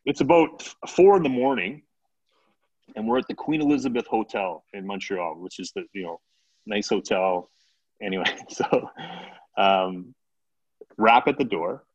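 Male guest, casual storyteller, animated delivery with acted quotes; dull lo-fi recording. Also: on the low side, a little slow, long pauses, husky. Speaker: podcast guest.

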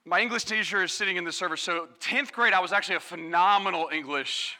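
A man preaching a sermon to a congregation, energetic and calling on the crowd, acting out quoted voices. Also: sits high, fast. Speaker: pastor. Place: church service.

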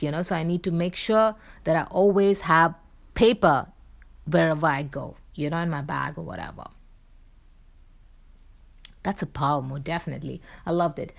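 A woman's voice: on the low side, gravelly. Rambling woman vlogger, casual chat. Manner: rambling, many fillers and restarts, playful.

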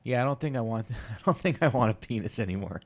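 A man in his thirties hosting a solo podcast, rambling crudely and self-deprecatingly with many halting restarts. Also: medium pitch, lively intonation. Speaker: podcast host.

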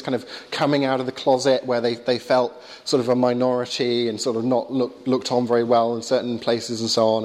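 Hesitant lecturer in a reverberant church. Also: male voice, medium pitch. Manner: conversational, hesitant with many fillers. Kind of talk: Q&A after a lecture. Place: large stone church.

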